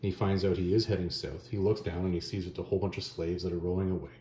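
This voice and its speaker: A man with a fairly low, mellow voice that swings widely in pitch as he retells a comic story in a casual, slangy way. He throws in offhand asides. The sound is roomy and a little dull. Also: little pitch movement, fast, slight background noise. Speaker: comic book reviewer.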